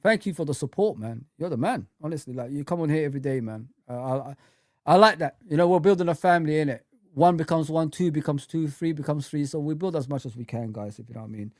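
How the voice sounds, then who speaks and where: A man's voice: fairly high pitch, fast, a little mellow, no room sound, studio quality. Heated man ranting on a fan livestream. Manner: heated, swearing, repeats himself. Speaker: football fan channel host. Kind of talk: livestream rant and chat.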